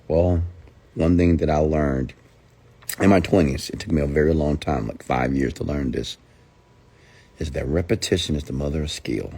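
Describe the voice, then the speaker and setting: A man's voice: very deep voice, normal speed, pauses often, warm tone, husky. A man giving a motivational rant who talks emphatically, repeats his points and asks rhetorical questions. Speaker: motivational speaker.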